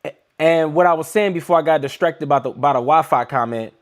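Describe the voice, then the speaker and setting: A man's voice: a little high, fairly quick. Hyped man livestreaming to his chat. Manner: hyped, talks straight to his chat viewers. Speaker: livestream trading host.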